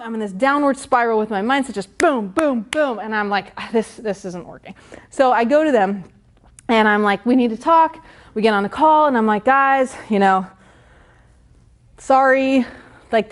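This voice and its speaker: A middle-aged woman business coach telling a personal story in an animated way, acting out her own past dialogue with lots of "like" fillers. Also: a little high. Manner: frequent "like" fillers. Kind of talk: storytelling monologue.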